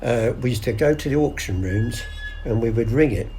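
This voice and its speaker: A man's voice: mid-range voice, normal speed, mellow, a little hiss or hum. Older man spinning yarns. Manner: chatty yarn-spinner acting out voices, many restarts. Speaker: guest storyteller. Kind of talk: casual anecdotal interview.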